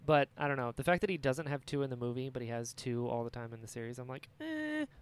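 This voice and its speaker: A man co-hosting a fan podcast, ranting excitedly in casual chat. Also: mid-range voice, quick pace, clean tone. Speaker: podcast co-host.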